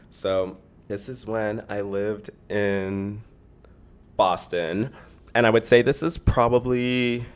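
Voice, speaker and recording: A young man from Canada with a Canadian accent hosts his own podcast alone. His voice sits very low. He talks casually and rambles, piling up fillers and repeating words as he goes. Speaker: podcast host. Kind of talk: casual solo podcast monologue.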